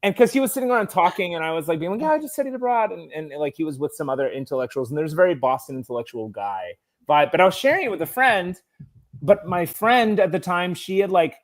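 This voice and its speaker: A man's voice: on the high side, animated. A man chatting casually, telling a rambling anecdote with plenty of fillers. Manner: chatty, rambling, with quick reactions and laughs. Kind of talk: casual chat.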